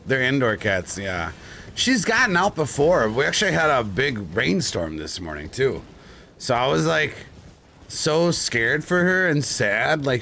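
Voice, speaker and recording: A man's voice: medium pitch, a little hiss or hum. A man streaming live, chatting casually and telling stories with lots of swearing and frequent laughter. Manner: animated, swearing storyteller who laughs often.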